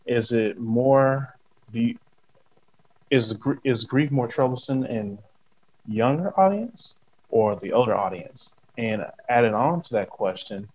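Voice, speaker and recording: A man's voice: medium pitch, unhurried, darkish tone. A man hosts an interview in a casual, responsive way, restarting his questions as he works them out. His voice sits in a middle range and comes through a dull, lo-fi recording. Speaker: podcast host. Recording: dull lo-fi sound.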